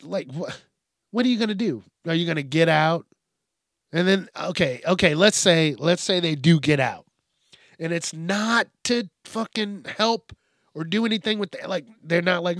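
Profane male podcast host, slightly higher voice, unhurried, rambling. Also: fairly bright tone, no echo, studio quality. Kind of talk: casual ranting monologue.

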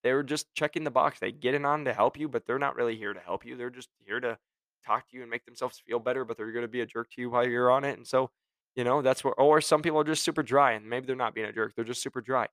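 A man's voice: mid-range voice, steady tone, fast, fairly bright tone, no room sound. A young man who works in medical device sales, talking casually and with passion as he gives career advice and acts out his phone calls. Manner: admits he gets passionate and curses.

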